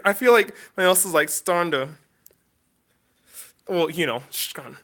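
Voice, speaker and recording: High, bright-voiced rambling young man. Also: expressive, moderate pace. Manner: rambling, apologetic, many restarts. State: emotional. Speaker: YouTuber. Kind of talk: casual vlog monologue.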